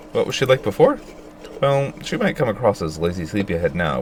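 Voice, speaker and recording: A man's voice: rumbling low, slight background noise, pitched below the performer's own voice, exaggerated voice. A man reading the lines of a chatty schoolgirl fondly recalling a classmate, close to his own voice. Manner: chatty, fond reminiscing.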